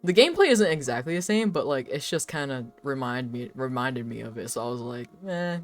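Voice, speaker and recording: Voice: mid-range voice, animated, brisk, hardly any pauses, faint music behind. A young adult live streamer chatting casually while drawing, rambling with lots of filler words, frequent laughs and swearing.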